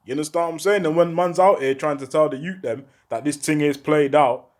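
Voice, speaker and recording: Urgent high-voiced talker. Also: male voice, fairly quick, darkish tone. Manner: urgent, repeats rhetorical questions, heavy street slang. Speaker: former prisoner speaking out. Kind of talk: impassioned monologue to camera.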